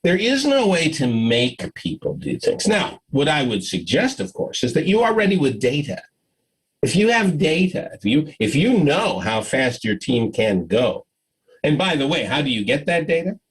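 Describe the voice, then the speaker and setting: A man with a somewhat high, husky voice gives a conference talk over a video call. His pitch swings widely as he acts out dialogue and laughs through his stories. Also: normal speed, rough recording. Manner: animated storyteller, acts out dialogue, laughs often. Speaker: conference speaker.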